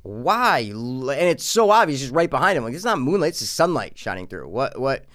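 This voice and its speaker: A man co-hosting a casual film review podcast, talking in an animated way with plenty of swearing and exaggerated reactions. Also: medium pitch, quick pace. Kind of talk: casual chat.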